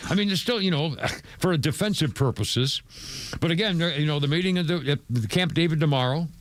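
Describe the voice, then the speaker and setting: A man's voice: fairly high pitch, a little fast, dry recording. A man hosting a talk radio show, rambling through the news with many stammers, restarts and asides. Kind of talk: casual talk radio commentary. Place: radio studio. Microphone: studio microphone.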